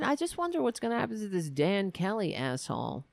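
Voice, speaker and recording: A woman's voice: mid-range voice, very animated, a little fast, vocal fry, hardly any pauses, a little mellow, no echo. A woman hosting a political commentary show, ranting in a sarcastic, profane, exasperated way.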